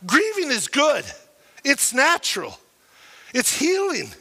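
A man preaching a sermon as pastor, telling emotional stories in an animated way and acting out the people in them. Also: extremely high pitch, unhurried, creaky, long reverb tail. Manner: animated, emotional storytelling with acted quotes.

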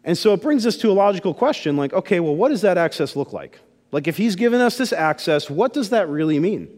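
A man's voice: high-pitched, lively intonation, fast, darkish tone, in a large hall. A man pastor giving a sermon in a casual, conversational storytelling way.

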